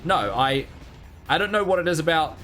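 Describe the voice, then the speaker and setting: This is live gameplay commentary from a man with a slightly high, expressive voice, moderate in pace and pushed and bright, with faint music behind. He curses freely, hums and mutters as he plays, and rambles, teasing himself, while answering chat.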